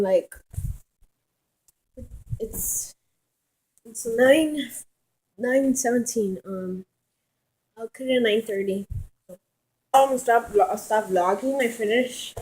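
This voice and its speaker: A woman's voice: a little high, slow pace, pauses often, darkish tone, low-quality recording. A woman vlogging casually at home in her kitchen, rambling, swearing and giggling as she talks.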